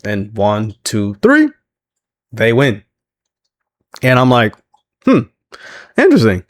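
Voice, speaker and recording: Male recap host, low-pitched, dry close sound, laughs a lot while retelling. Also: takes it slowly, no room sound. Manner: laughs often, animated retelling with quoted voices. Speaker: wrestling recap reviewer. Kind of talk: casual recap commentary.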